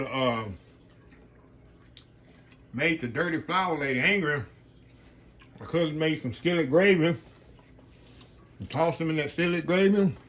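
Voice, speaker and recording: A man's voice: a little high, fairly bright tone. A man hosting a casual cooking vlog, chatting with his mouth full and humming "mm" between bites. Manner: chatty, talks with mouth full, murmurs "mm" while eating; Southern phrasing, says "y'all". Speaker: cooking channel host.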